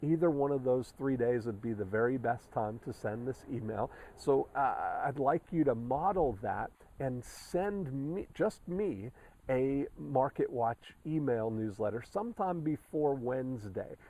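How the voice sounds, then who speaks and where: Mellow-voiced man coaching step by step. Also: medium pitch, lively intonation, a little slow, rough recording. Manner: instructive, methodical, repeats steps with frequent fillers. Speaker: sales coach. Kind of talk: recorded coaching update.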